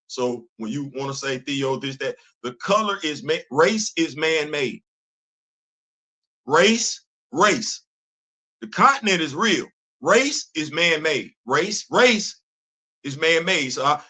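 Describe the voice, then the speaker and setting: A man's voice: a little high, sharp tone. A middle-aged man from the Bronx, hosting a casual opinion monologue, emphatic and repetitive, using street slang. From Bronx, New York, USA. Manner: conversational, repeats and restarts, street slang, emphatic. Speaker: show host. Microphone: streaming setup.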